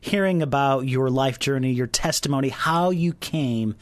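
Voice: mid-range voice, moderate pace. A radio host conducting an interview in an upbeat, friendly manner.

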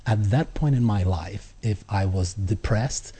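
A man telling his personal faith story as an interview guest, earnest, with halting restarts. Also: fairly low pitch, warm tone, breathy edge. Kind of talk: personal testimony in conversation.

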